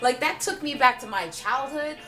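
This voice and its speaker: A young woman vlogger telling comedic stories about acting, with an animated, playful delivery and goofy voices for the people she describes. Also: high voice, normal speed, roomy sound, distant mic, music in the background. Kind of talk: comedic storytelling vlog.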